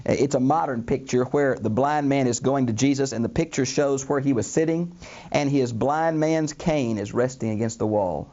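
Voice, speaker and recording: A man's voice: medium pitch, moderate pace, dull audio. An older man teaching a Bible lesson in a studio, speaking to listeners as "friends," acting out the quoted voices with a lot of "uh" fillers. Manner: animated, acts out the quoted voices, frequent "uh" fillers. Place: recording studio.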